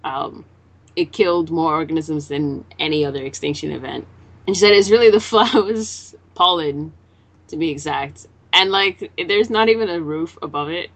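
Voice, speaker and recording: A podcast co-host with a low voice, speaking at normal speed, chats casually about a manga chapter. She recaps it, voicing the characters' lines and swearing offhandedly.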